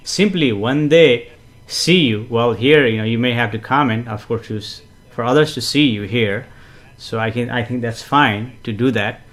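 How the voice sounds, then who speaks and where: A man hosting a casual live stream, greeting viewers and reading their comments, chatty and gently explanatory with frequent fillers and soft chuckles. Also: mid-range voice, moderate pace, few pauses. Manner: gently explanatory, repeats himself for emphasis. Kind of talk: casual live-stream chat with spiritual teaching.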